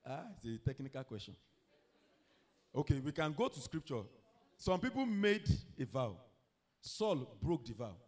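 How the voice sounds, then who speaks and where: A middle-aged man preaching a sermon, telling a story and asking the congregation questions, with sudden shouted peaks. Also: mid-range voice, big pitch swings, measured pace, pauses often.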